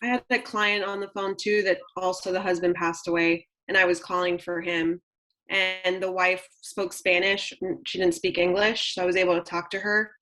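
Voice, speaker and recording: A woman, an insurance agent, gently sharing a sad client call in a casual team meeting on a video call. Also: fairly low pitch, flat delivery, normal speed, poor audio.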